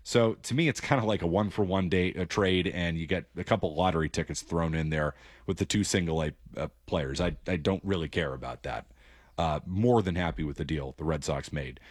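A man hosting a call-in sports show speaks in a fairly low voice. He is brisk and opinionated. The studio sound is dry and close. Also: dry recording. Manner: opinionated, brisk, takes calls. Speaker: sports radio host. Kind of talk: call-in sports radio talk.

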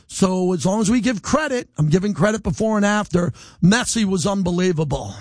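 Brief: male sports radio host, middle-aged, lighter high voice, defiant unscripted rant, dry studio sound. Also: a little fast, few pauses, no echo. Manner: animated, defiant, rambling without a script. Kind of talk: live radio monologue. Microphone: studio microphone.

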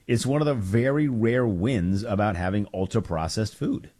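A man co-hosting a casual podcast, telling a joking story in a relaxed, rambling way. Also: lowish voice, moderate pace.

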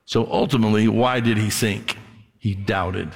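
A male pastor delivers a conversational sermon, slipping into the voices of the people in his story. His voice has a gravelly edge, and it rolls out into the long reverb of a large sanctuary. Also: lowish voice, fairly even intonation, fairly quick. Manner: conversational preaching, acts out voices, ends in prayer.

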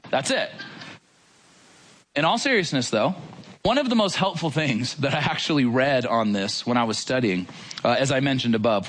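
A man preaching a casual sermon to a congregation, in a conversational, animated way with many rhetorical questions. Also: a little high.

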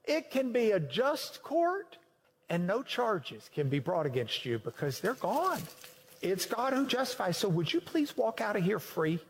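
A man preaching a sermon to a class, swinging between loud emphatic lines and quiet low ones. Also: sing-song, unhurried, a little hiss or hum. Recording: long hall reverb.

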